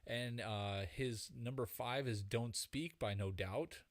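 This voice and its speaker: A man chatting casually as a podcast co-host. He is halting and pauses as he reads names off a list. His voice sits at an average pitch, recorded dry and close. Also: no room sound. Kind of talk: casual chat.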